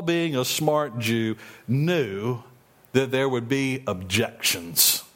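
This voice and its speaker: A male pastor delivers a sermon with a fairly high-pitched voice. He reads scripture slowly, then explains it conversationally.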